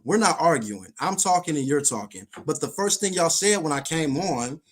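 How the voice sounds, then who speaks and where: Man, guest on a live stream, blunt, insistent, repeats himself, slightly high voice. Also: expressive, moderate pace. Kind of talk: heated live-stream debate.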